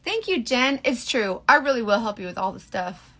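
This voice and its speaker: A woman's voice: a little high, sing-song, moderate pace, sharp tone. A woman in her forties hosting a casual live makeup stream, chatty, rambling and candid with her viewers. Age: 40s. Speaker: beauty livestream host.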